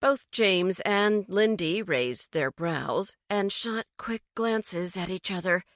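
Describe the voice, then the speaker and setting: A woman narrating a cozy mystery audiobook in a measured, storytelling manner. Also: medium pitch, expressive, no room sound, studio quality.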